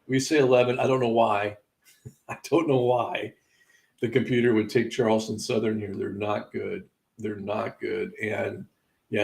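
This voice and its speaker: On a low-quality recording, a man with a gravelly, lowish voice hosts a live sports betting show. He casually goes over game results, tossing in wry asides and laughing at the picks he got wrong.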